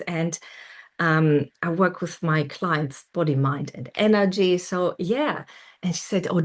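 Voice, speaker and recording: A middle-aged woman tells a personal story as a coach and host, animated, repeating words for emphasis and acting out her inner voice. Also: on the low side, slightly rough. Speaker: self-development coach and host.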